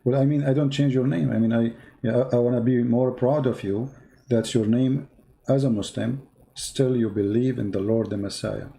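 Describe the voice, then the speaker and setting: Male host, gravelly, mellow and dark, fervent preaching style. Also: medium pitch, steady tone, moderate pace. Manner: fervent, emphatic, repeats phrases. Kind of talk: preaching to a caller on a live stream.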